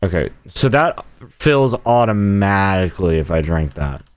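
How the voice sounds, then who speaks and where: A man's voice: sits low, sing-song, unhurried, smooth, no echo. A man streaming a video game live, rambling and joking as he talks to himself and his viewers. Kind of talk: casual live gameplay commentary.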